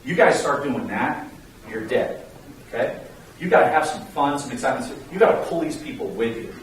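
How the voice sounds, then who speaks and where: A man coaching a sales team in an emphatic, energetic, pleading way. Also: mid-range voice, normal speed. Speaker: sales trainer. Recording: echoey room, mic far off, faint hiss.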